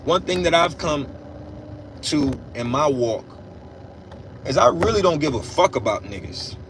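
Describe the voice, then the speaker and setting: A man delivers a casual, preachy monologue from inside a car, blunt and full of profanity. His voice sits a little higher than most men's, and he punches his key points with loud bursts. A faint hum of the vehicle runs underneath. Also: lively intonation, measured pace. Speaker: religious commentator.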